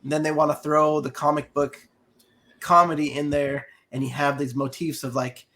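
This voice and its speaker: A man's voice: a little high, little pitch movement, moderate pace, pushed and bright. A man co-hosting a podcast, talking in rambling, hesitant casual chat. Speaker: podcast co-host.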